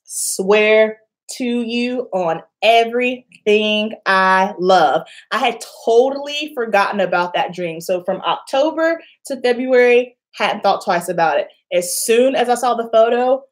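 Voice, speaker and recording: A young woman telling a personal story to camera in a casual vlog, acting out the voices of the people in it. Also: medium pitch. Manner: animated, acts out quoted voices, laughs often. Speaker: beauty vlogger.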